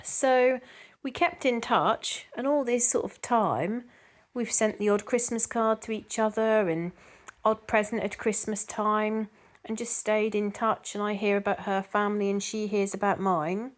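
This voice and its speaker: A middle-aged woman chats to her viewers in an easy, rambling way, reading out their comments and answering them. She talks at an ordinary pitch, with plenty of ums and restarts. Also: steady tone, measured pace. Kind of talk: casual chat to camera.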